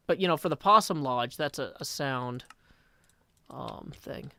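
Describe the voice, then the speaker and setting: A tired man chatting casually on a live game stream, rambling, correcting himself and thinking out loud. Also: a little high, normal speed, vocal fry, no echo. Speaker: Minecraft streamer.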